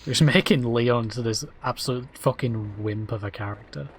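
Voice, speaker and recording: A man's voice: mid-range voice, normal speed, slight background noise. A man giving crude, rambling, jokey commentary while streaming a game. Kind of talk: casual gameplay commentary.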